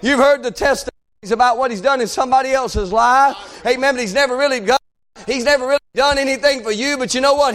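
A male preacher, delivering a rhythmic sermon that swings between shouted pleas and half-sung lines. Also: very high-pitched, fast.

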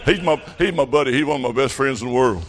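A middle-aged man with a Southern US accent preaches a revival sermon, spinning folksy stories that build to fervent shouts. His pitch is medium and his pace fast.

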